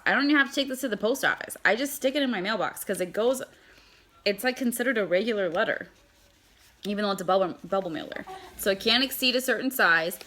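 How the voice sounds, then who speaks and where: A woman's voice: medium pitch, sharp tone, slight background noise. A woman giving a casual how-to demonstration, chatting as she packs and handles mail. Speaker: product seller.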